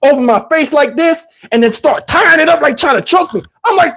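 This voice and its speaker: A man in his fifties hosting a livestream, telling a story casually and profanely, animated and rambling with many restarts. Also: very high voice, brisk. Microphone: wearing a microphone.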